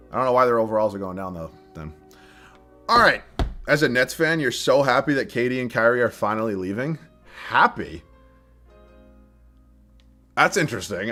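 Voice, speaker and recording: A man's voice: on the low side, pushed and bright. A young man from southern Massachusetts streaming live, chatting casually, thinking aloud and laughing as he reads viewer chat.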